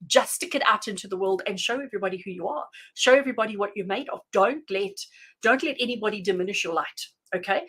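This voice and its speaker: A woman giving tarot readings on a live stream, chatty and animated, addressing viewers by name and laughing often. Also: mid-range voice, husky, poor audio. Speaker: tarot reader.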